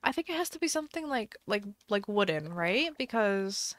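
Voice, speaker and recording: A woman's voice: mid-range voice, animated, normal speed, a little hiss or hum. A woman streamer chatting casually on a live game stream, thinking aloud and musing indecisively as she plays.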